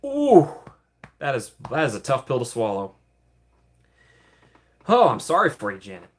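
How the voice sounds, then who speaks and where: A man's voice: medium pitch, huge pitch swings, a little slow, a little hiss or hum. A man casually chatting on a livestream, answering viewer comments in a playful way and giggling often. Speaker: streamer answering live chat.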